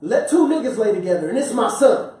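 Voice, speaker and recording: A man in his forties, co-hosting a casual podcast chat as an animated storyteller who laughs often. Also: fairly quick. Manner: animated, laughing storyteller, swings high when quoting. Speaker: podcast co-host. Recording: echoey room, distant mic, faint hiss.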